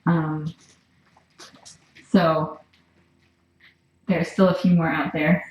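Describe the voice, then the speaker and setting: A woman at a cat rescue chats casually to a live stream camera, slipping into soft, often whispered baby talk as she coos at a cat. Her voice is deep and level, with drawn-out words and the highs cut off. The room camera mic sits across a small, echoey shelter room, so she sounds far away over faint room noise and cats.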